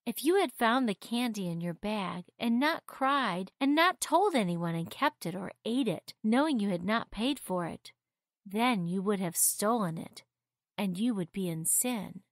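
A woman voicing a warm mother who gently and calmly explains things to her children in a storybook. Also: mid-range voice, measured pace, no room sound, clean studio sound. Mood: reassuring.

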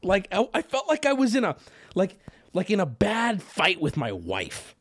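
A man livestreaming from his home setup, telling his chat a story in an animated, profane, self-mocking rant. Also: high voice, normal speed.

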